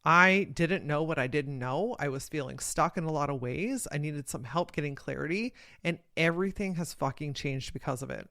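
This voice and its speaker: A woman's voice: low voice, moderate pace, few pauses, fairly bright tone, no echo, studio quality. A woman hosting a solo podcast, speaking with energy and emphasis in a casual, motivational style and swearing now and then. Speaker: podcast host and coach.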